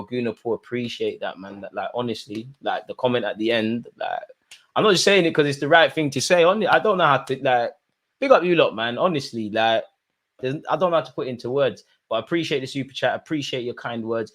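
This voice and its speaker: This football watch-along streamer is a young man whose mid-range voice moves fast. Chatting on the live stream, he rambles through super chats with plenty of slang and fillers, staying animated throughout.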